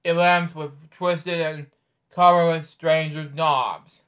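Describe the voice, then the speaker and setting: A man hosting a bedtime story show, reading a picture book aloud haltingly with offhand asides. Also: a little high, little pitch movement, fairly bright tone. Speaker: host.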